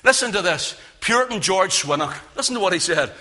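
A man preaching a sermon in a church, with a loud, carrying voice that swings from emphatic peaks to low, hushed lines. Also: expressive, fairly quick, few pauses. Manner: impassioned, rising to loud emphatic peaks then dropping low. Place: church with speakers.

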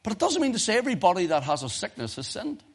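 A man's voice: sits high, huge pitch swings, fast talker, breathy edge. Impassioned man preaching a sermon. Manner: rises to impassioned cries, then drops to quiet urgency; archaic scripture quotations in King James wording.

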